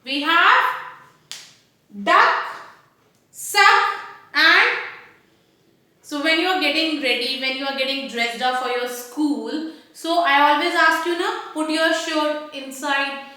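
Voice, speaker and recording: A woman's voice: high-pitched, slow, pauses often, sharp tone. A woman teacher with an Indian English accent, patiently sounding out rhyming words and asking young children questions in a phonics lesson. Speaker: kindergarten teacher. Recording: very echoey room.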